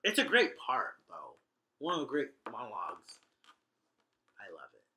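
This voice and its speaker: A man's voice: medium pitch, wildly swooping pitch, unhurried, bright, forceful tone. A man casually retelling a play for laughs, rambling and chatty with slangy asides. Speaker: host.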